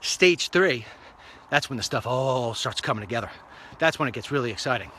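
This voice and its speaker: A man's voice: medium pitch, lively intonation, moderate pace, sharp tone. A man hosting his own online show, chatting in a rambling, upbeat way while walking outdoors along a street. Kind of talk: casual walk-and-talk monologue.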